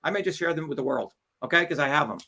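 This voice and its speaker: A man's voice: on the high side, racing, gravelly, pushed and bright. A man hosting a livestream, delivering heated, combative political commentary with profanity and mockery. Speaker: livestream host.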